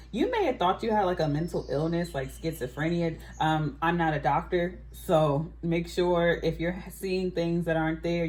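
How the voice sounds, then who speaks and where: A woman's voice: deep voice, darkish tone. Chatty woman giving a tarot reading. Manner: chatty, musing, frequent "I feel like". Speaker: tarot reader. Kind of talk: casual psychic reading to camera.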